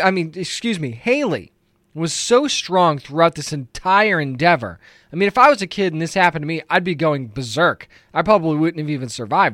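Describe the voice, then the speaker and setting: A man's voice: fairly high pitch, a bit bright, no room sound, studio quality. A man casually recapping and reviewing a TV episode, enthusiastic and rambling, with many fillers.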